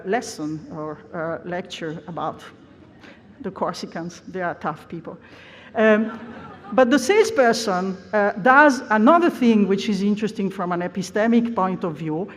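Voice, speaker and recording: A woman giving an academic conference lecture, explaining at length with frequent "uh" hesitations. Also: fairly low pitch. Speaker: plenary lecturer. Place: lecture hall. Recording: long reverb of a large hall.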